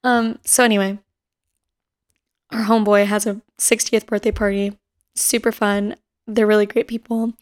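A woman's voice: medium pitch, flat delivery, moderate pace, pauses often. A woman in her twenties chatting casually on her own podcast, rambling through stories with lots of fillers and the odd laugh. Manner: laughs now and then while telling stories. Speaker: podcast host. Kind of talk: casual chat.

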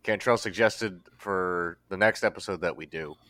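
A man's voice: sits low, normal speed, sharp tone, no echo. A man hosting a casual podcast, rambling and breaking off mid-sentence, laughing at himself. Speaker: podcast host.

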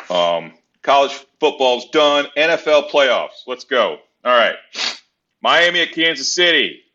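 A man's voice: lowish voice, pushed and bright. A man talking sports on a podcast in a blunt, profane, rambling way. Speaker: podcast co-host. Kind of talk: casual sports chat. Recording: dull lo-fi sound.

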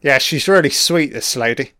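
A man's voice: medium pitch, lively intonation, normal speed, pushed and bright, no echo, studio quality. A man giving crude, profane live reaction commentary while watching an episode. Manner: crude, profane running remarks.

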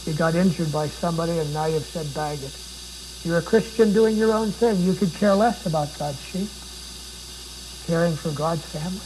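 A man's voice: high voice, darkish tone, a little hiss or hum, rough recording. A man preaching a sermon, dramatic and pleading, with repeated rhetorical questions.

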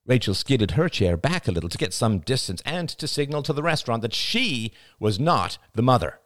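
A man reading a novel aloud as an audiobook, with expressive, dramatic storytelling. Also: medium pitch, normal speed, no room sound, studio quality. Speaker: audiobook narrator. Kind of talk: scripted audiobook narration.

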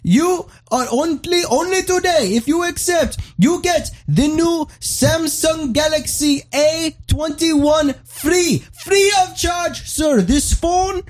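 A man voicing a pushy male call-center salesman with an imitated Indian English accent, screaming his sales pitch. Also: slow pace, hardly any pauses.

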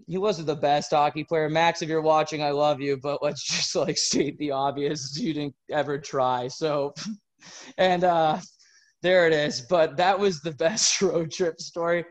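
Animated man telling a laughing story. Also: on the high side, unhurried. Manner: animated, laughing through his stories. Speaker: podcast host. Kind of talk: casual storytelling.

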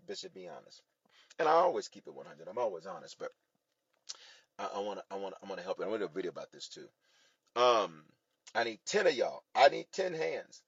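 A male bishop preaches to viewers on a livestream, energetic and repeating his lines for emphasis. His pitch rises and falls widely, with a slightly husky edge. The sound is dry and a little dull, like a close phone mic on a stream. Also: no room sound. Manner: energetic, talks straight to online viewers, repeats phrases for emphasis. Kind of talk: livestream sermon.

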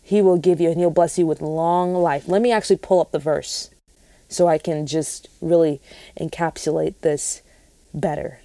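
A woman's voice: fairly low pitch, fairly even intonation, moderate pace, gravelly, warm tone, dry recording. A young woman sharing a Christian testimony in an earnest, rambling way, often restarting her sentences. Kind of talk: casual spoken testimony.

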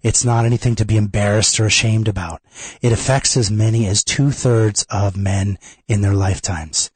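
A man's voice: fairly low pitch, darkish tone, husky, no room sound. A man hosting a radio talk show, a little congested from a cold, talking in a plain conversational way. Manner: conversational, repeats phone numbers. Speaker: radio host.

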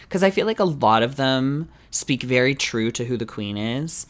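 A man co-hosting a chatty podcast, his voice sitting at an everyday middle pitch. He talks in an animated way, laughs a lot and throws in the odd curse. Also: moderate pace. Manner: animated, laughs often, swears. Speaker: podcast co-host. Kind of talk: casual chat.

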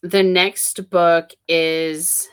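A woman in casual chat, reviewing a novel in a relaxed, candid way and swearing now and then. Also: on the low side, very slow, clean tone. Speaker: book discussion co-host.

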